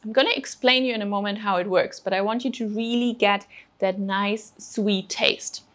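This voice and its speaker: A woman's voice: mid-range voice, steady tone, normal speed, a bit bright. A woman presenting a children's cooking show, explaining food patiently and encouraging the kids step by step. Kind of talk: teaching children about food.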